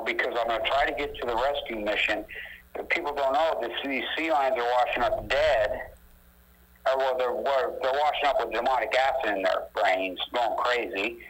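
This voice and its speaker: A man talking as an activist guest in a casual phone conversation, animated and emphatic, ranting with rising indignation. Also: medium pitch, poor audio. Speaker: anti-nuclear activist guest.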